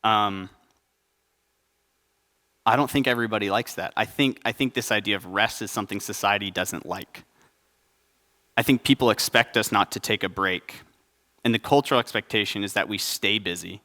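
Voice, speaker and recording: A man's voice: fairly low pitch, normal speed, pauses often, pushed and bright, big-room sound. A young adult man preaching a conversational sermon at a church service, joking and asking the congregation questions. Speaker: pastor.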